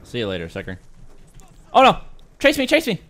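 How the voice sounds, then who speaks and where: Excitable young man with lively pitch. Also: fairly quick. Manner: excitable, swings from mumbling to yelling; self-deprecating, apologetic. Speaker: gaming video creator. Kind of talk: live gameplay commentary.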